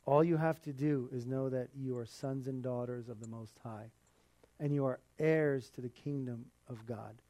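A man's voice: medium pitch, steady tone, moderate pace, mellow, dry recording. A man preaching a sermon in an earnest, conversational way, with the odd laugh.

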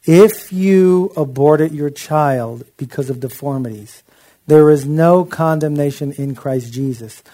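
Mellow-voiced man preaching conversationally. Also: on the high side, takes it slowly. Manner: impassioned, conversational preaching with asides. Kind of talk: sermon.

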